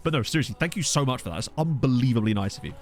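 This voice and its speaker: Male streamer, casual and excitable, lively pitch, mid voice, desk mic. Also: racing. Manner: chatty, excitable, swears when surprised. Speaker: gaming streamer. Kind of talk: casual live-stream commentary. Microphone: desktop USB microphone.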